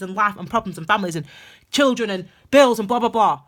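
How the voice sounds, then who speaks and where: A woman's voice: medium pitch, fast talker. A woman giving a casual spoken tarot reading to camera, talking emphatically and rambling with many restarts. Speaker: tarot reader.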